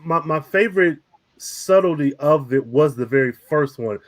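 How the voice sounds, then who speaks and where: A man's voice: a little high, animated, moderate pace. A man hosting a casual review podcast, talking animatedly, laughing often and swearing casually. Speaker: podcast host.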